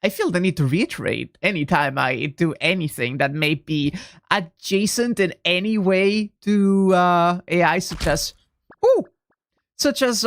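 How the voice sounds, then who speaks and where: A woman streaming a video game, joking with her chat and swearing freely. Her pace is slow and her pitch lively. Faint game music runs underneath. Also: dry recording, studio quality. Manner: profane, joking, laughs often. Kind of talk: casual gameplay commentary.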